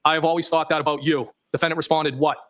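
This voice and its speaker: A man's voice: on the high side, level tone, fast, fairly bright tone. Man reading texts on the witness stand. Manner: reads plainly, voicing punctuation marks. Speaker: trial witness. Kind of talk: reading text messages aloud on the stand. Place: courtroom.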